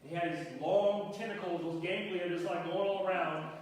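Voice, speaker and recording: A preacher voicing a fed-up young wife who finally stands her ground, speaking low and firm. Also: steady tone, moderate pace, lightly acted. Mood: resolute. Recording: echoey hall, mic far off.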